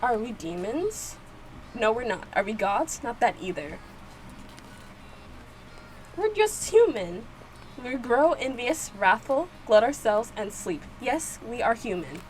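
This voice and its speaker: Excitable young-sounding woman reacting aloud. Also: a little high, slow pace, pauses often, a little hiss or hum. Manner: excitable, reads subtitles aloud, repeats phrases. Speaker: video reactor. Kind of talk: casual reaction commentary.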